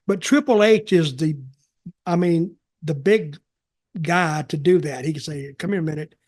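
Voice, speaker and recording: Older man, podcast host, rambling folksy delivery, slightly higher voice. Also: a little slow, a little mellow. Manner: rambling, folksy, repeats himself. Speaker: podcast host, wrestling veteran. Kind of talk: casual storytelling chat.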